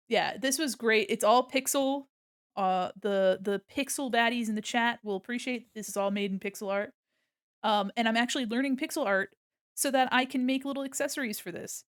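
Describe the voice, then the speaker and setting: A woman's voice: mid-range voice, no echo, studio quality. A woman chatting casually and rambling in a silly, giggly way on a livestream as she draws. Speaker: streamer. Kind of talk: casual livestream chat while drawing.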